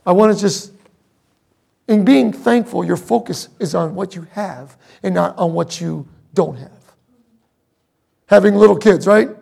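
A middle-aged man preaching a sermon, telling a personal story with emotion, moving between loud emphasis and hushed asides. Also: high voice, measured pace, gravelly, long pauses, slightly rough. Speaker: pastor.

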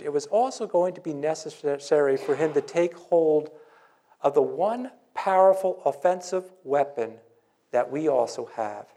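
Earnest preaching man, slightly high voice. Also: a little mellow. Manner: earnest preaching with dramatic pauses and quoted scripture. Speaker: pastor. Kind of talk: sermon. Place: church.

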